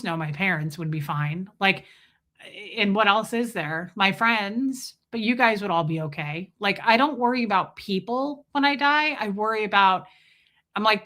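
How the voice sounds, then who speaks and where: Woman streamer just chatting, bright sharp voice, keeps stopping to say hi to people in chat. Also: medium pitch. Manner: rambling storytelling, breaks off to greet chat viewers by name. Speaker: livestream host. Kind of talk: casual livestream chat.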